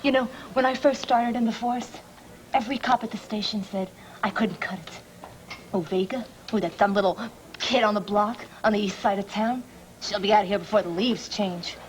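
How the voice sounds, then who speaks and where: An actress playing a proud young woman cop who talks in a brisk, guarded way. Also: mid-range voice, a little hiss or hum, close to an everyday voice.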